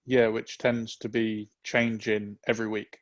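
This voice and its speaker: Relaxed man talking football. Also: on the low side, dull audio. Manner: relaxed, opinionated, drawn-out reasoning. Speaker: podcast co-host. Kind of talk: casual football chat.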